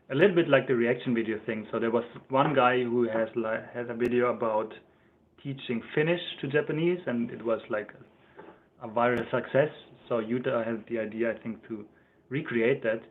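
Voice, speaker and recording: German-accented man on a tinny livestream. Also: medium pitch. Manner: chatty, rambling, laughs often, reads out chat comments. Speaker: livestream host. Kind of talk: casual livestream chat. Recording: tinny phone-like sound.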